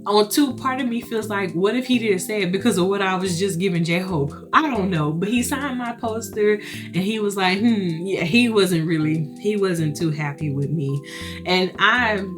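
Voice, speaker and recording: A woman's voice: medium pitch, moderate pace, over music. A young adult woman vlogger chatting to her viewers, laughing often and acting out what others said. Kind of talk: casual storytelling to viewers.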